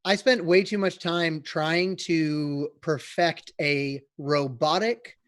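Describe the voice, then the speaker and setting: A man's voice: on the high side, fairly even intonation, slow, a bit bright, dry recording, studio quality. A man talking casually as a guest on a round-table podcast, rambling with lots of fillers.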